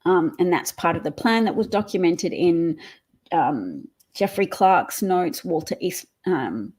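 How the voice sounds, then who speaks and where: Female livestream host, lower voice, conversational political commentary. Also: animated, a little slow, a little mellow, slightly rough. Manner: conversational, explanatory, with fillers.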